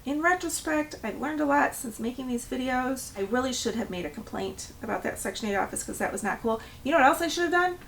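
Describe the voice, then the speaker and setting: A woman's voice: high-pitched, fast, creaky, hardly any pauses, far from the mic, a little hiss or hum. A middle-aged woman, a property manager, telling a story in a vlog and acting out the people she quotes. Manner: animated storytelling, acts out quoted voices.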